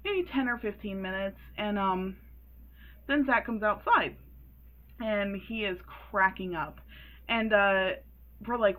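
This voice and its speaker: A woman in her early twenties telling a story in a casual vlog, animated and sassy, laughing often. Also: medium pitch, a little slow, rough recording. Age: 20s. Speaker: vlogger.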